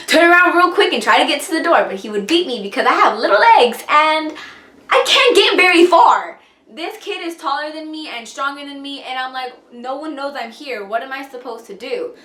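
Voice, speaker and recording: A woman's voice: high-pitched, bright, forceful tone, roomy sound. A young woman vlogger telling a personal story in a rambling, casual way, full of fillers. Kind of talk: storytime vlog, casual retelling.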